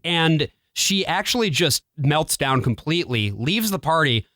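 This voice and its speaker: A man's voice: on the high side, very animated, unhurried, pushed and bright, no room sound, studio quality. A man co-hosting a podcast, recapping an episode in casual chat with an easy laugh. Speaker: podcast co-host.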